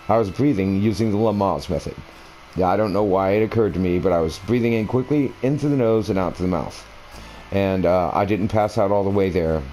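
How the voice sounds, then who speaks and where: A man's voice: sits low, mellow, a little hiss or hum, poor audio. A man recording a gaming video, rambling through a personal story in a meandering, conversational way while he plays at home. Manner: meandering, conversational, many fillers and restarts. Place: at home, playing a console game.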